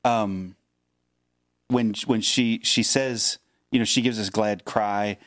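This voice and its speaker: A man co-hosting a podcast who reads Bible passages and talks them over in a measured, thoughtful way. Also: on the low side, fairly even intonation, fairly bright tone, dry recording, clean studio sound. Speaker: podcast co-host. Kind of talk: Bible reading and casual discussion.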